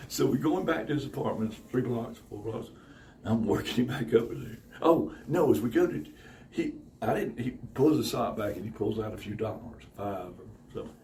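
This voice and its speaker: A man's voice: mid-range voice, expressive, moderate pace, mellow. A man casually telling a long story, swearing freely and often laughing between lines. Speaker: podcast guest. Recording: distant mic with faint background noise.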